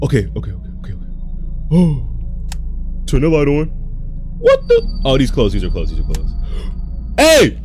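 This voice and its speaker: A man's voice: mid-range voice, very animated, fairly quick, long pauses, faint music behind. Jumpy man reacting to a horror game. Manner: jumpy, shouts and yelps when startled, slangy banter. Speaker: gaming video creator. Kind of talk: live reactions while playing a horror game.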